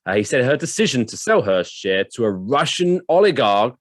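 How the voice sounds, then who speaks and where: A podcast co-host trades jokey, rambling banter and reads out news bits in casual comedic talk. His medium-pitched voice has a sing-song lilt at a normal speed, with no echo.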